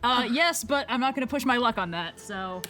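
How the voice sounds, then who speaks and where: A woman playing in a casual tabletop game, laughing and reacting quickly. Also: fairly high pitch, animated, pushed and bright, faint music behind. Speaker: player.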